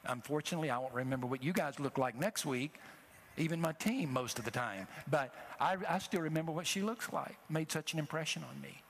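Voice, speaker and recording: A middle-aged man preaching a sermon, telling a personal story with emotion and rising to loud exhortations. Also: on the high side, animated, brisk, gravelly. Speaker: traveling preacher.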